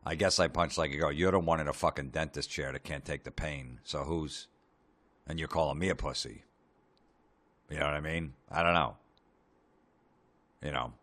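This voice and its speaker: Super deep voiced guy doing a sweary deadpan comedy rant, podcast host vibe. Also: moderate pace, pauses often. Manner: profane, sarcastic, deadpan asides.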